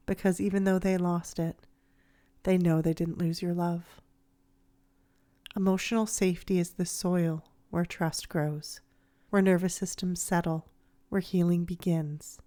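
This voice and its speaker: A woman host giving scripted reflective narration, soft, slow and soothing. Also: lowish voice. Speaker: podcast host.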